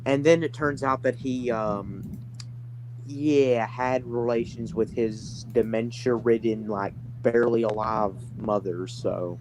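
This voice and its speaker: A man's voice: mid-range voice, fairly even intonation, takes it slowly, a little mellow, a little hiss or hum, low-quality recording. A man chatting casually in a blunt, crude way as a guest. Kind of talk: casual chat.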